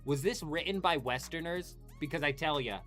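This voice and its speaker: A man's voice: fairly high pitch, moderate pace, soft background music. Casual, swearing young man streamer. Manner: animated, swears a lot, talks to chat by name. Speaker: livestream host.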